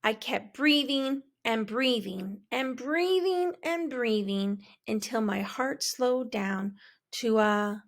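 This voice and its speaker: A woman reading a children's picture book aloud in a slow, expressive, dramatic way. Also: fairly high pitch. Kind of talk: storybook read-aloud.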